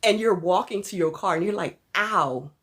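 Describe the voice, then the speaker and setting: Woman doing a chill livestream chat, lowish voice, giggles a lot, shouts out viewers. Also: moderate pace. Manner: chatty, laughs often, thanks viewers mid-sentence. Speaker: livestream host.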